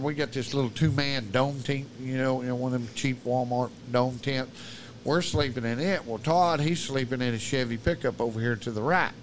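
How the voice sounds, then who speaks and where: Here a man with a mid-range voice, heard over slight background noise, is a guest on a podcast. He spins a long, rambling story full of profanity and color, often breaking off mid-sentence in casual chat.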